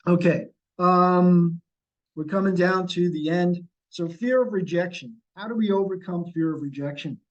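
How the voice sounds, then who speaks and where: A man's voice: fairly high pitch, darkish tone, lo-fi sound. A middle-aged man leading a sales training session over a video call, coaching and repeating key points. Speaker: real estate sales trainer.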